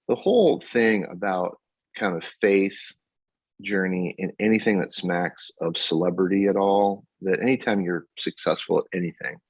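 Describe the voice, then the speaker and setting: Man in his fifties, husky and deep, animated guest storyteller, dull lo-fi recording. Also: moderate pace, dry recording. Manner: animated storyteller, laughs often. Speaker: guest songwriter. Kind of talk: casual interview. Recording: dull lo-fi audio.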